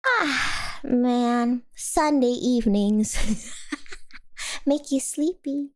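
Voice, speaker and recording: Giggly high-voiced woman streamer. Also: very slow. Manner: giggly, rambling, reads chat aloud. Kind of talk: casual chat with live viewers.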